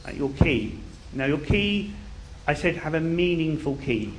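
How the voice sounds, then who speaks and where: Unhurried and fairly high-pitched, this preacher's sermon carries a little hiss or hum. He relates a Bible story with animation, then lowers into quiet intensity when he reaches the important points.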